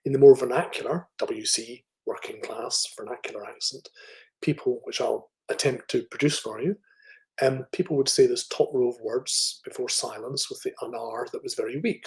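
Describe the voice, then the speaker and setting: A middle-aged man with a middle-class Scottish accent, giving an academic lecture and pausing to demonstrate speech sounds. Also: mid-range voice, a little mellow, rough recording. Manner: thoughtful, with fillers and restarts, demonstrating speech sounds. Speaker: phonetics professor giving a lecture.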